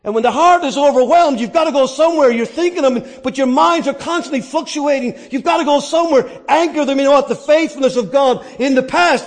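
A man preaching a sermon, dynamic, swinging from quiet asides to shouted points and answering his own questions. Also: very high-pitched, a little fast, hardly any pauses.

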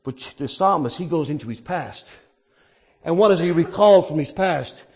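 A man preaching a sermon, dynamic, swinging from quiet asides to shouted points and answering his own questions. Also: on the high side, animated, normal speed.

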